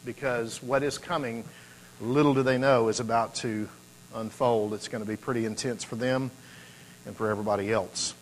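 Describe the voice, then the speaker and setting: A man's voice: mid-range voice, fairly even intonation, moderate pace, a little hiss or hum, low-quality recording. A man preaching a sermon, talking conversationally and building to emphatic peaks. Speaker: pastor.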